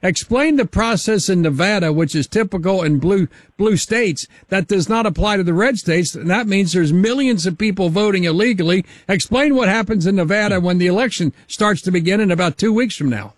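A man hosting a political talk radio interview, setting up questions in a rambling, halting way. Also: sits high, dry recording, studio quality. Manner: rambling, halting setup questions with many fillers.

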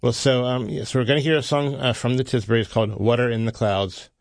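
A man's voice: medium pitch, steady tone, fast, dry recording. Chill radio host guy, jokey, dry studio mic. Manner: easygoing, joking. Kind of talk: radio interview.

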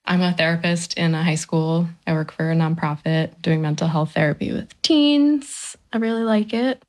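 A woman's voice: fairly low pitch, moderate pace. A woman in her thirties speaking candidly in an interview, conversational with frequent fillers. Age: 30s. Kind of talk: casual interview.

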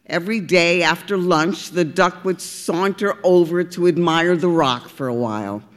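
A woman narrating a storybook, expressive and deliberate. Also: on the low side, big-room sound. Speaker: audiobook reader.

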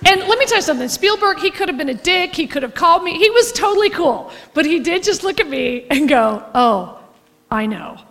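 A woman stand-up comedian telling a brash, profane story with animated delivery. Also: very high voice, brisk, long reverb tail.

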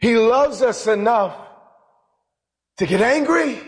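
A bishop preaching a sermon to a congregation, building with passion and dramatic pauses. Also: male voice, very high-pitched, expressive. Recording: long hall reverb.

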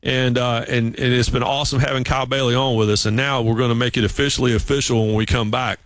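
A man with a Southern accent hosts sports radio, telling stories in an animated, chatty way. His voice sits in a middle range. The sound is close and dry, with no room around it. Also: medium pitch, fast talker, dry recording. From South Carolina, US. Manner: animated storyteller, mimics voices. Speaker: radio sports show host. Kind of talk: casual radio chat and storytelling. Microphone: studio mic.

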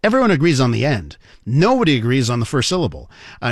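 A man hosting a talk radio show, telling a story in a playful, animated way and speaking straight to his listeners. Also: medium pitch, fast talker, no room sound, studio quality. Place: radio studio. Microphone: studio microphone.

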